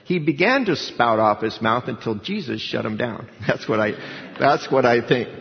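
A man's voice: mid-range voice, expressive, moderate pace, creaky. Man preaching in an echoing hall. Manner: emphatic, conversational storytelling. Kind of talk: sermon. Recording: dull sound with long hall reverb.

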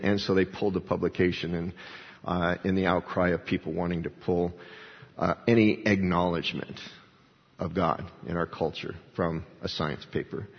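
Preacher guy, husky voice, church echo hanging on everything, kinda muffled lo-fi sound. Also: sits low, steady tone, normal speed. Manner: preaching with quoted voices and emphatic swells. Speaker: pastor. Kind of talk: sermon. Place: church sanctuary. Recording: dull lo-fi church recording with long reverb.

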